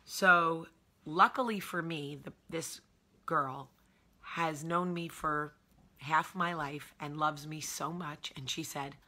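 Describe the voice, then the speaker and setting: A low, steady female voice moves at a slow pace, sounding pushed and bright. The host, a New Jersey woman in her thirties, shares candidly on her vlog in an emotional, confessional way, with emphatic repetition.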